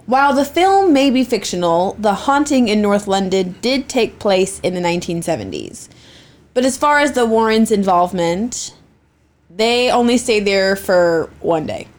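A woman's voice: medium pitch, big pitch swings, normal speed. A young woman co-hosting a casual podcast, presenting a haunting story from notes with a giggly, chatty manner.

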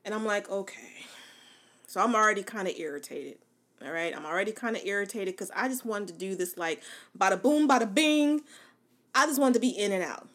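A woman's voice: medium pitch, quick pace. Chatty, laughing woman podcast host. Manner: chatty, colloquial, laughs often; animated, playful asides to listeners. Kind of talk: casual storytelling monologue.

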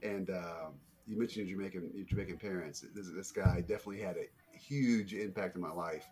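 Animated middle-aged male podcast host. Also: brisk. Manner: animated storyteller, jumps up in pitch for quotes. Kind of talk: casual conversation.

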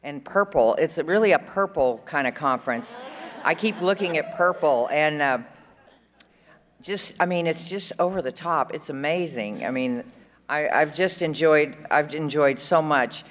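A woman's voice: low-pitched, measured pace. Woman at a conference podium, chatty and rambling, large reverberant hall. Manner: chatty, rambling, fond, with frequent fillers and laughs. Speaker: conference speaker. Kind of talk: recovery share at a conference.

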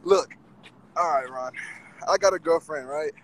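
A man calling in to a talk show, arguing his side in an animated way and often repeating himself. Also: on the high side, measured pace, a little hiss or hum, rough recording. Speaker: caller. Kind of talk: casual call-in debate.

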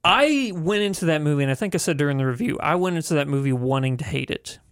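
A man's voice: a little high, lively intonation, fast talker, a bit bright, clean tone, no echo, studio quality. A young adult man co-hosting a casual movie podcast, easygoing and playful. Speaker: podcast co-host.

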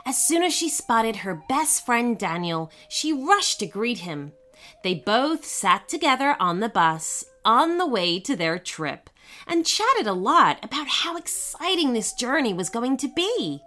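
A woman reading a children's story aloud in an expressive, unhurried way. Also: a little high. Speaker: narrator.

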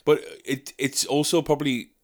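A man's voice: medium pitch, fairly even intonation, moderate pace. A young man hosting a podcast, rambling and swearing in casual chat. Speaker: podcast host.

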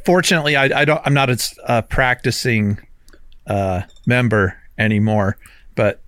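A man's voice: medium pitch, fairly even intonation, normal speed, a bit bright, clear, resonant tone, no echo, clean studio sound. A military veteran, a man, chatting casually on a podcast over drinks, easygoing and self-deprecating with jokes.

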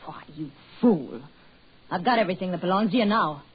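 An actress in 1940s radio drama playing a cruel wife who is turning into a cat, her voice shrill and breaking into screams. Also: expressive, brisk, natural voice. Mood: taunting. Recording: dull old radio recording with faint hiss.

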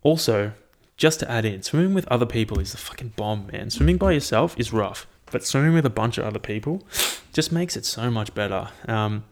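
A man's voice: lowish voice, lively intonation, brisk, few pauses, slight background noise. A young man casually recapping his training, rambling and swearing freely in an upbeat way. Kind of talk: casual chat.

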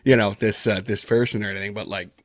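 A man's voice: lowish voice, steady tone, fast talker, dry recording, studio quality. A man talking casually in an interview, rambling with lots of fillers and self-deprecating asides. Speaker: podcast guest, horror narrator.

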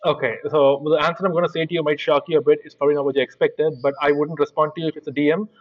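Man, fast, blunt, slightly high, muffled remote audio. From India. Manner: blunt, animated storytelling. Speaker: guest, animal rights activist. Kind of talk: casual interview talk.

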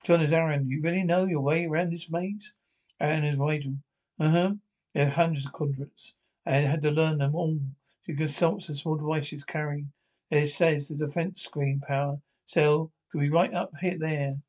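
A man's voice: a little high, steady tone, normal speed, darkish tone. A man reading an episode script aloud, directions and dialogue alike, with frequent stumbles and restarts. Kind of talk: read-aloud script narration.

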